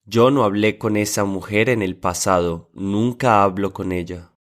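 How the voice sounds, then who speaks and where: A man with a somewhat low voice reads example sentences for a language lesson. He says each one twice in a calm, measured way.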